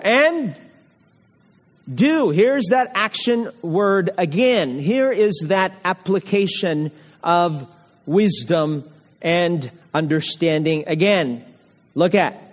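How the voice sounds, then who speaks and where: Male preacher, higher voice, slow and deliberate, reads scripture and quizzes the flock; long hall reverb. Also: animated. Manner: asks the congregation questions, repeats key words. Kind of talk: evening sermon with scripture reading.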